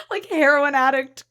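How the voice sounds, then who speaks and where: A woman hosting a podcast in casual chat with a friend in an apartment, animated in bursts and then trailing off softly. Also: sits high, dry recording, clean studio sound. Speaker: podcast host.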